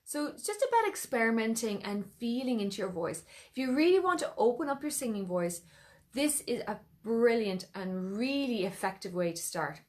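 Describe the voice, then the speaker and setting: An Irish woman teaching singing, leading vocal warm-ups and encouraging learners to copy her sounds in a playful way. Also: medium pitch. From Ireland.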